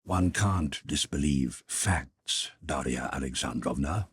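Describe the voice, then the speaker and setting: A rigid, wounded husband speaking in clipped, formal phrases, his voice very deep and husky. A man voices him in a dry audiobook reading. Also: lively intonation, unhurried, no room sound, exaggerated voice. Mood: cold. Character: cold, stiff, wounded middle-aged husband.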